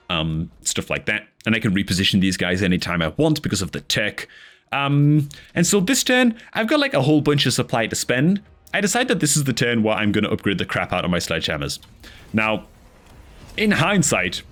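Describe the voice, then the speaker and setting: Animated low-voiced man commentating gameplay. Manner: animated, chatty, peppers talk with "dude" and "man".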